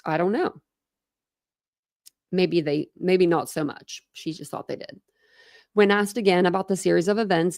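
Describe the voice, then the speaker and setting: A woman's voice: lowish voice, a little mellow, no echo, clean studio sound. A young woman hosting a true crime channel, reading court documents aloud and breaking off into chatty commentary full of "like" fillers.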